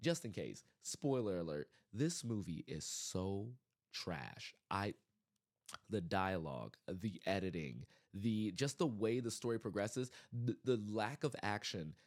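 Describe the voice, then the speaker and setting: A man hosting his own podcast, giving a casual, animated movie review full of exasperated rants and restarts. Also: on the low side, measured pace. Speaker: podcast host.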